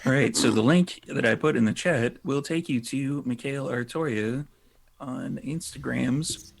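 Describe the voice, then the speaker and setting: A man's voice: medium pitch, unhurried, gravelly, a little hiss or hum. A man running a tabletop game as game master, chatting casually and swearing freely on a live stream.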